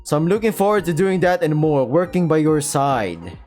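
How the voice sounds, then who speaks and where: A man's voice: on the high side, expressive, moderate pace, a little mellow, natural voice. A Filipino man voicing an eager, earnest young woman who works as a lab handler, chatty and a little flustered, reading a visual novel aloud over faint game music.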